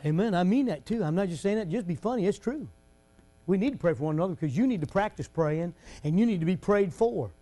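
A man's voice: high voice, animated, quick pace. A man preaching a fervent, folksy revival sermon in a church. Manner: fervent, folksy, rising to shouts.

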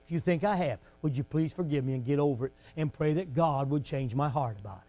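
A man's voice: on the high side, a little fast. A man preaching a fervent, folksy revival sermon in a church. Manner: fervent, folksy, rising to shouts.

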